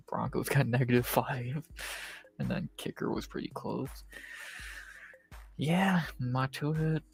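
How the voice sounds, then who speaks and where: A man hosting a live stream, recapping his fantasy football league in a low, laid-back monotone with plenty of profanity. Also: creaky. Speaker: stream host. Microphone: streaming setup, close mic.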